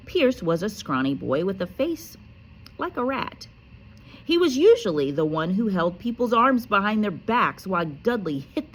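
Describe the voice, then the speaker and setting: A woman teacher reading a children's book aloud with lively expression and casual, chatty asides. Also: on the low side, breathy edge. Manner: animated, casual, self-correcting.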